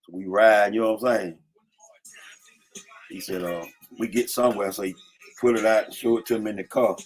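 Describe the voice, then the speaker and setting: A man's voice: fairly low pitch, steady tone, a little fast, soft background music. Laid-back man spinning street tales. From Atlanta, USA. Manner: slangy, keeps saying "you know what I'm saying". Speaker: vlogger telling street stories. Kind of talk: casual storytelling. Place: in a car.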